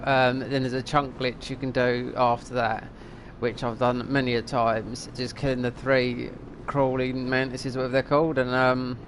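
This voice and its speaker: Middle-aged guy rambling over a game stream, average pitch, a bit of hiss behind. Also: level tone, normal speed, hardly any pauses. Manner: rambling, thinks aloud, swears at the game. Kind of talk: casual gameplay commentary.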